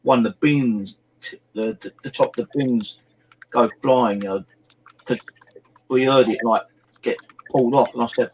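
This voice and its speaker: A man's voice: medium pitch, normal speed, pauses often, background noise. A middle-aged man chatting casually on a live stream, rambling through stories and swearing freely. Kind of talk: casual chat.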